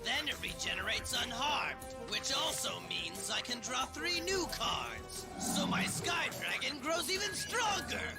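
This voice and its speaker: Very high-pitched gloating cartoon villain, yelling orders over loud music. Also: male voice, big pitch swings, unhurried, gravelly, hardly any pauses, exaggerated voice. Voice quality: boastful, triumphant. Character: gloating young male villain duelist. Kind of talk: dubbed cartoon acting. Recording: clip with loud music under it.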